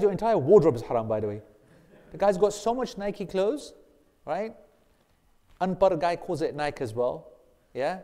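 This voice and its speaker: A man's voice: mid-range voice, warm tone. A man teaching an informal Islamic class, joking and teasing his students as he rambles. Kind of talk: casual informal religious class. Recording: long reverb in a hall.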